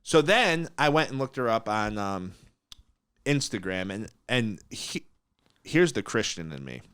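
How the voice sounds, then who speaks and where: A man hosting a podcast, telling a story in a blunt, animated way, acting out quotes and laughing often. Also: lowish voice, unhurried, clean tone, no room sound. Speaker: podcast host. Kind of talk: casual storytelling.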